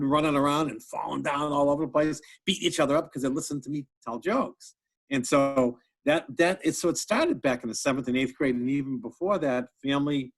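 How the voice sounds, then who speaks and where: A middle-aged man, a comedian, chatting casually in an interview, telling funny stories and laughing often, repeating words as he goes. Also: medium pitch. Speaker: comedian guest.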